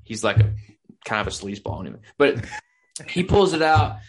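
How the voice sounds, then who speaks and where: A man's voice: mid-range voice, big pitch swings, a little fast, slightly rough. A man telling a long, rambling story in casual podcast chat, acting out what people said. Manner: rambling storyteller, acts out quotes.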